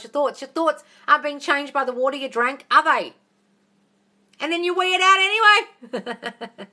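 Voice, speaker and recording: Australian woman, 30s, brash livestream coach, bright tone, blunt and sweary. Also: fairly high pitch. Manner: blunt, brash and profane, calls listeners darling. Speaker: manifestation coach. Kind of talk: livestream Q&A, reading and answering viewer questions.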